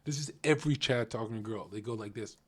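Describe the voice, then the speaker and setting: A man's voice: on the low side, fast talker, breathy edge. A man streaming and reacting to a clip in casual, crude, opinionated commentary, lecturing his chat and often laughing.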